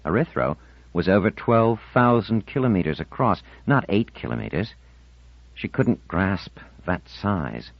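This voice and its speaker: Deep, expressive male audiobook narrator. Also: a little slow, gravelly, no room sound. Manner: expressive storytelling. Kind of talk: scripted narration. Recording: dull lo-fi audiobook recording.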